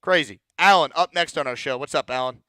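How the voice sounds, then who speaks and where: A man's voice: fairly high pitch, fairly quick, pushed and bright, dry recording, clean studio sound. A man hosting a postgame call-in sports show, ranting bluntly and repeating words when he gets heated. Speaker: sports talk show host.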